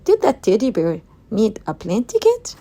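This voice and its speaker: A woman's voice: medium pitch, huge pitch swings, normal speed, dark tone. A woman reading an earnest, reflective travel anecdote. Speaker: listener telling a travel story.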